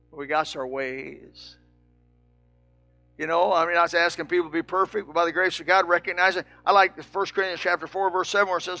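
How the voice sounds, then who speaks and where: An older man preaching a sermon, swinging from shouts to soft, low asides. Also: steady tone, a little fast, faint music behind.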